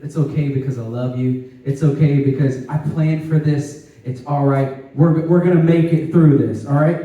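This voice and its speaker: A man voicing a loving male teacher who reassures his followers in a soft, low voice. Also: steady tone, normal speed, dull audio, close to an everyday voice. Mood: gentle reassurance. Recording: echoey hall, distant mic.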